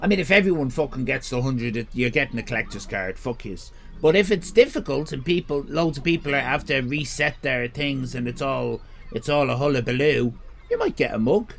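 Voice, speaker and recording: A man's voice: mid-range voice, expressive, fairly quick, gravelly. An Irish man streaming live, chatting casually, rambling, joking crudely and reading chat messages aloud. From Ireland.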